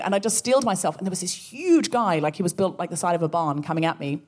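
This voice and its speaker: Woman, podcast co-host, animated live storytelling on stage. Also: medium pitch, fast talker. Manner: animated, acts out voices in stories. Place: live show venue.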